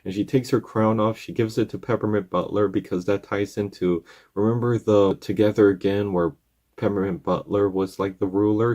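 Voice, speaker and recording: Give me a man with a mellow, dark voice rambling through an episode recap. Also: deep voice. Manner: rambling, acts out characters' lines.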